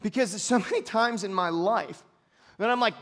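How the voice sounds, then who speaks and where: Before a church congregation, a male pastor preaches an earnest, confessional sermon that swings from quiet reflection to loud outbursts. His voice sits high and is animated, at a normal speed.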